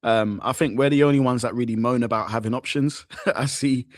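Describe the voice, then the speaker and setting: Brief: male co-host, excitable, dry close mic, matey banter. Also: mid-range voice, brisk, dry recording. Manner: excitable, laughs often. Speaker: co-host of fan show. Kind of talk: casual football chat.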